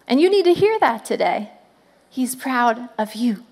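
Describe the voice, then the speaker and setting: A woman in her thirties giving an animated children's ministry sermon to families, often calling out "come on" to the crowd. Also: fairly high pitch, measured pace.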